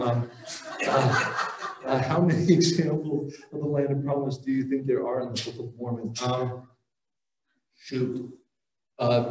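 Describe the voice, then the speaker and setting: A man's voice: medium pitch, a little mellow, far from the mic, slight background noise. A man giving a casual, joking religious talk at a conference and taking audience questions, with many fillers and restarts. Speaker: conference speaker. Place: conference hall. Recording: roomy hall audio, voice heard from afar.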